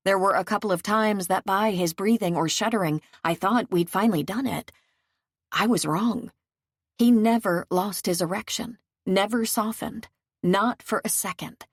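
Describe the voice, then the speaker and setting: A woman narrating a first-person audiobook in a frank, measured, reflective way. Her voice sits at a middle pitch. The recording is close and dry, with no room around it. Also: dry recording.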